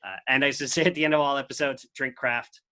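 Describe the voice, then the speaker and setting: A man with a bright, forward tone hosts a casual podcast interview. He talks in an easygoing way, dropping "uh" fillers as he moves between questions. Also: medium pitch, fairly even intonation, fast. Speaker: podcast host.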